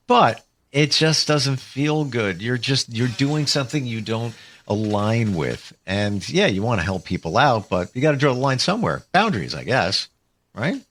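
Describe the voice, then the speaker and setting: A man co-hosting a casual self-care chat, relaxed and reflective, acting out little examples. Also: on the low side, moderate pace.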